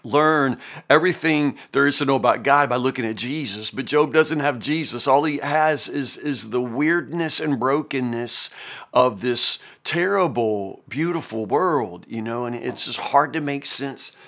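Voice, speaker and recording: A man's voice: mid-range voice, unhurried, a bit bright. A middle-aged man hosting a Bible reading podcast, giving casual spoken commentary while thinking aloud, with frequent restarts and "you know".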